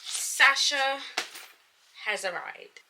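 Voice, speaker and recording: A woman's voice: high-pitched, expressive, extremely slow, background noise. A woman in her twenties chatting casually to camera in a playful, self-joking way. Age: 20s. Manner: playful and chatty, laughs and jokes at herself. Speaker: vlogger. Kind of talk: casual vlog chat to camera.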